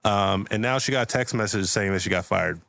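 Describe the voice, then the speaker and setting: Low-voiced man rambling through a story. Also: brisk, vocal fry, a bit bright. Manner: rambling, lots of filler words, laughs often. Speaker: podcast host. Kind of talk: improvised storytelling chat.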